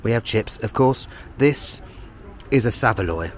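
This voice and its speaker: A man's voice: lowish voice, animated, measured pace. Man, london accent, cheeky vlog chatter, handheld camera, city noise behind. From London, England. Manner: chatty, cheeky, self-mocking. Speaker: travel vlogger. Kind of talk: casual vlog commentary. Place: on a train, city streets and a chip shop.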